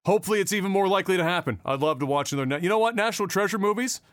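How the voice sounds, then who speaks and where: A talkative man hosts a casual podcast, his voice sitting a little high for a man. He rambles loosely from one topic to the next and swears without a second thought. The sound is close and dry, with no room around it. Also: animated, rapid-fire, dry recording. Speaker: podcast host. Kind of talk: casual chat.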